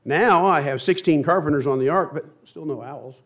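A man's voice: on the high side, moderate pace, natural voice. A man reading a story aloud, voicing a harried modern man listing his troubles in exasperation. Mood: exasperated. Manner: exasperated, rattling off complaints.

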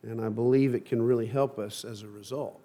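A middle-aged man preaching a sermon and reading scripture in a measured, emphatic way. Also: mid-range voice, fairly even intonation, dark tone. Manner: measured, emphatic delivery with slow stressed phrases.

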